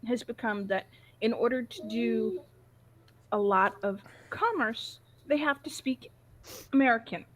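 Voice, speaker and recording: A woman's voice: fairly high pitch, measured pace. A woman guest in a casual chat, affectionate and opinionated.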